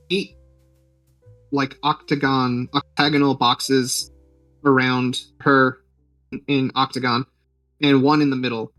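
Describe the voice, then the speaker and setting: A man's voice: medium pitch, no room sound, recorded from a distance, poor audio. Man casually recapping a movie plot. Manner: rambling, joking plot retelling with filler words. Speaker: podcast host.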